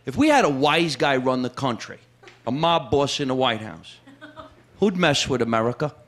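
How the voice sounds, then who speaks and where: A man doing stand-up comedy and chatting on stage, animated, jumping to high-pitched bursts when he mimics someone. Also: moderate pace. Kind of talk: stand-up set and chat. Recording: echoey club with loud crowd noise.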